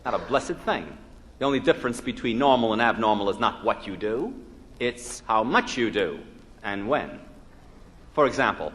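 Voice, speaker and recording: A man's voice: lowish voice, sing-song, moderate pace, fairly bright tone. A man from the United States giving a humorous live lecture as a psychologist, telling jokes and quizzing his audience with rhetorical questions. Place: lecture hall before an evening audience. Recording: 1961 live lecture LP with hall reverb and faint noise.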